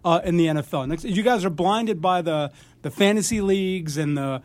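A man's voice: sits high, moderate pace, no echo. An older man, a sports radio guest, ranting angrily about sports and stumbling over his words as he gets fired up. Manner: angry, fired-up ranting with stammered restarts. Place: radio studio. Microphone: studio mic with headphones.

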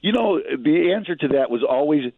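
A man calling in as a tax expert guest on a radio interview, emphatic and quick to chuckle. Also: on the high side, lively intonation, no room sound. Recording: tinny phone line.

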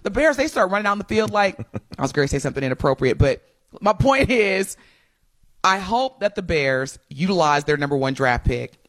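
A woman co-hosting a radio morning show in casual chat, animated and playfully teasing, laughing often. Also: lowish voice, normal speed, no room sound. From Wisconsin.

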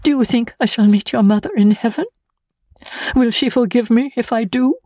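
A woman's voice: fairly high pitch, normal speed, dark tone, dry recording, clean studio sound, lightly acted. A woman reading an audiobook, voicing a frail, frightened young woman near death who speaks in a mournful, wandering, pleading way.

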